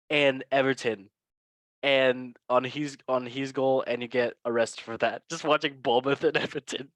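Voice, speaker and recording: A man's voice: medium pitch, fairly even intonation, normal speed, a bit bright, no room sound. Guy hosting football chat, joking around, dry close sound. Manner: joking, chatty, laughs at own lines. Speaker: podcast host. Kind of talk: casual football news chat.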